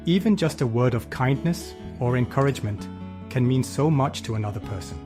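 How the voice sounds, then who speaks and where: A man's voice: mid-range voice, lively intonation, fairly quick, music in the background. A man hosting a podcast, reading an earnest, faith-based thought for the day. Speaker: podcast host. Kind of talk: scripted inspirational reflection.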